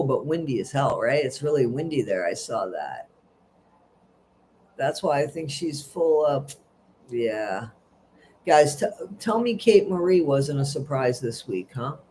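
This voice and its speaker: A man's voice: high voice, a little mellow, slight background noise. A middle-aged man hosts a casual livestream, reading out viewer comments and gossiping in a rambling, chatty way. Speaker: livestream host.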